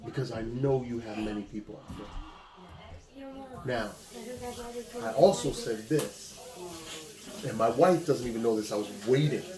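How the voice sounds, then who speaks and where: Male pastor, mid-pitch, conversational exhortation, echoey room with crowd noise. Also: measured pace, pauses often. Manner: conversational, exhortative, speaks straight to a listener. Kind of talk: informal preaching to a gathering.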